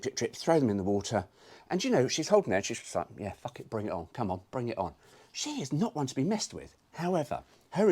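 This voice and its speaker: A man's voice: medium pitch, a little mellow, breathy edge. A man hosting his own car video, chatting casually with cheeky, sweary jokes. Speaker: car vlogger.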